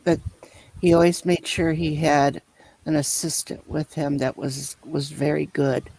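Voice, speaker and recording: A man telling a long personal story in casual chat, rambling and halting as he loops back over his points. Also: a little high, fairly even intonation, vocal fry, a little mellow, dry recording, rough recording. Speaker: storyteller in a conversation.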